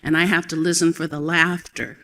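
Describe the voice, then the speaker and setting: Bright, wry woman storyteller. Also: low-pitched, little pitch movement, a little fast. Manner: wry, teasing. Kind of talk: casual stage banter. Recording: long hall reverb.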